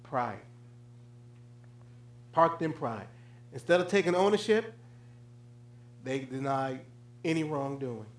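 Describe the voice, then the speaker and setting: A male pastor preaching a sermon, swinging between loud, raised declarations and low, hushed asides. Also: slow, long pauses, echoey room.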